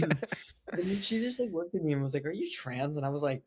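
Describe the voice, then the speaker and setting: A young man, a podcast guest, telling a personal story in casual chat, animated and quoting himself with lots of "like". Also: fairly high pitch, moderate pace, pauses often, a little hiss or hum. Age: young adult. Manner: animated, quotes himself, heavy use of "like".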